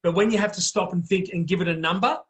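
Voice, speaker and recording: A man's voice: high voice, fast talker, fairly bright tone. An Australian man hosting a casual podcast chat, blunt and blokey, calling everyone mate. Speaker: host.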